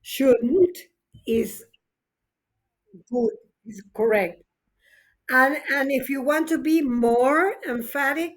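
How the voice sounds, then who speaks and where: Slow-speaking woman teacher. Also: high voice. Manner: encouraging, explains grammar slowly and switches to Spanish for glosses. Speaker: English teacher. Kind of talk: online class teaching.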